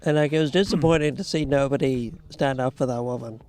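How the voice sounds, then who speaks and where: A man's voice: mid-range voice, fast, a little mellow, clear, resonant tone. A man co-hosting a podcast, talking in a conversational, self-questioning way with plenty of "like". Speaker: podcast co-host. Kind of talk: casual chat.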